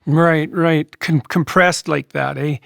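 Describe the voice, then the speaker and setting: A man in his sixties hosting a long-form interview, speaking in a measured, thoughtful way with halting restarts. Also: on the high side, steady tone, creaky, a bit bright, no echo, clean studio sound. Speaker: podcast host.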